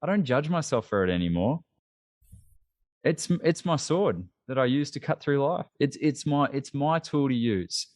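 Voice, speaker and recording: A man with an Australian accent, a podcast guest talking in a casual interview in an animated, emphatic and self-deprecating way. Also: medium pitch, normal speed, dry recording, studio quality.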